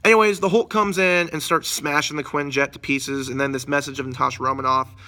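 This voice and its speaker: A man casually recapping a movie in a review, rambling and excited, full of slang. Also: on the high side, fairly quick.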